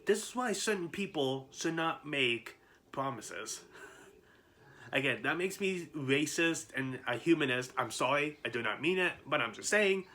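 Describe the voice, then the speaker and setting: A man's voice: a little high, animated, measured pace, sharp tone. A man in his twenties ranting to his viewers in a vlog, trying to hold back his anger as he rambles with many restarts. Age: 20s. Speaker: YouTuber.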